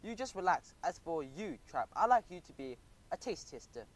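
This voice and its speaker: Brief: cheerful can-do lady mouse, soothing and reassuring, read by a man, fairly high voice. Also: big pitch swings, moderate pace, rough recording. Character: cheerful capable young female mouse. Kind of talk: audiobook character voice.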